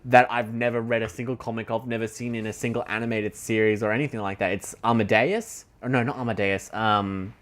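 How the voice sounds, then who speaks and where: A man's voice: fairly low pitch, brisk, few pauses, a bit bright. A young man casually commenting on a video game he is playing, eagerly explaining things and rambling with many fillers. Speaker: gameplay commentator. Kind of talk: casual let's play chat.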